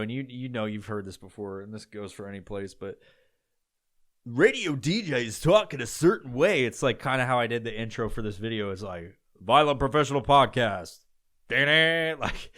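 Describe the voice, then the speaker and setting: A man's voice: medium pitch, fairly bright tone, smooth. Profane, rambling male podcast host. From upstate New York. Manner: profane, digressive, full of restarts. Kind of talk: casual rambling monologue.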